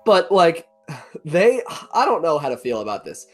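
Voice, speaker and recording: A man co-hosting a casual sports chat, laid-back and quick with a quip. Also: a little high, very animated, soft background music. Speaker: co-host.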